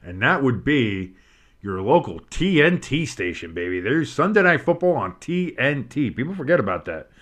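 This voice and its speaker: A man giving casual play-by-play commentary on a game, rambling and swearing between plays and bursting out with excitement on big ones. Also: medium pitch, normal speed. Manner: rambling, swears, breaks off into nostalgic tangents. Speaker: play-by-play streamer.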